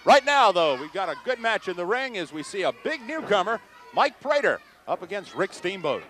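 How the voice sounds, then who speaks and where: A man giving brisk play-by-play commentary on a wrestling match. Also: sits high, very animated, a bit bright. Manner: brisk, matter-of-fact calls.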